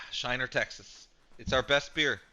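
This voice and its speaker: A man's voice: medium pitch, steady tone, unhurried, sharp tone, muffled recording. A man in casual gaming chat, talking in a dry, matter-of-fact way. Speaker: streamer guest.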